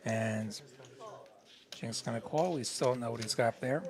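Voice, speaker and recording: A man's voice: medium pitch, measured pace, gravelly, crowd noise. A man doing live play-by-play commentary on poker, easygoing and analytical as he walks through each hand. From not from Texas.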